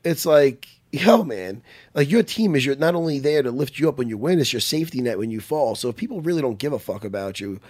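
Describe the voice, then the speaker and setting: A man, a jiu-jitsu instructor telling profane, animated stories as a podcast guest. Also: medium pitch, fast talker, breathy edge. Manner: animated, profane, lively storytelling. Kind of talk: casual chat.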